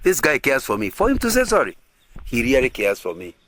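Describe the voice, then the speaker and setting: A man's voice: medium pitch, wildly swooping pitch, brisk, a bit bright. A man preaching at a couples' retreat, earnest and repetitive, often asking the audience if they agree. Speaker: pastor.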